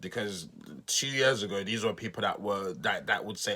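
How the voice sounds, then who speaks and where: A man with a low-pitched but bright, forceful voice hosts his own podcast. He talks through his views casually and loosely, trips over words and restarts sentences often. Now and then he pokes fun at himself. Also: moderate pace, husky. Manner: rambling, with frequent restarts and stumbles; self-deprecating asides. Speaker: podcast host. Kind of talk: casual political commentary monologue.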